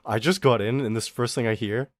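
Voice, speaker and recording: A man's voice: mid-range voice, fairly even intonation, a little fast, no room sound, studio quality. A man chatting casually on a live stream, rambling playfully and talking to his chat.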